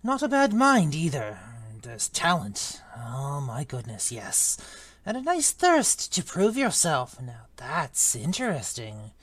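A woman voicing a sly old talking magic hat, murmuring slowly in a hushed, drawn-out way while reading a book aloud. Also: deep voice, huge pitch swings, husky, dry recording, heavily acted. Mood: musing.

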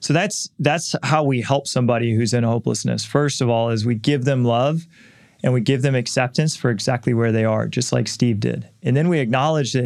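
A man's voice: mid-range voice, fairly quick, creaky, a little mellow, dry recording, studio quality. A middle-aged man hosting a podcast, speaking candidly and earnestly in a personal reflective monologue, with frequent restarts. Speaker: podcast host and author.

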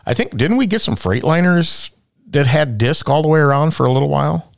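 A man's voice: on the high side, expressive, fairly quick, gravelly, no room sound. A man hosting a casual work chat, rambling through stories and asking many questions. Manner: chatty, rambling, asks lots of questions.

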